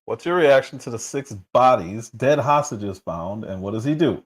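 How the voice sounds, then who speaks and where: A man's voice: medium pitch, expressive, moderate pace, crowd noise. A man hosting a livestream, reacting to clips and reading chat in casual political commentary. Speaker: livestream host.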